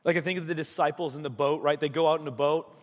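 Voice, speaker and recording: A man's voice: on the high side, steady tone, fast, long reverb tail. A man preaching a sermon as a pastor in a casual, conversational way. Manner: conversational, acts out voices in stories. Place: church.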